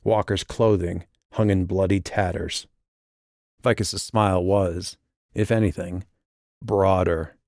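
A man narrating an audiobook in a measured, steady way. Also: low-pitched, dry recording, studio quality. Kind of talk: scripted narration.

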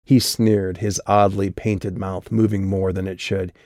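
A male audiobook narrator with a low voice and a steady, measured delivery. The recording is dry and close, with no room around it. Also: no echo. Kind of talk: scripted narration.

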